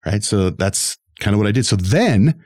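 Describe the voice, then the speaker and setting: A man's voice: fairly low pitch, normal speed, dry recording, studio quality. A middle-aged man, a radio host, telling his career story in an interview and acting out the voices of the people in it. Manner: animated, acts out quoted voices.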